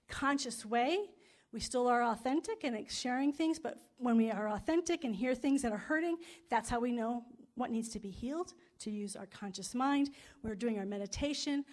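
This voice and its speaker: A woman pastor delivering a sermon and a spoken prayer to a congregation in a room, repeating phrases in rolling, emphatic lists. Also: on the high side. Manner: storytelling with acted-out quotes.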